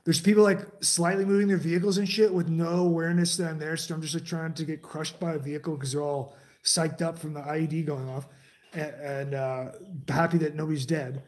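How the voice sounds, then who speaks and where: A young man telling a war story in casual chat, rambling and swearing, with many fillers and restarts, dropping low and quiet when he quotes others. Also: level tone, fairly quick.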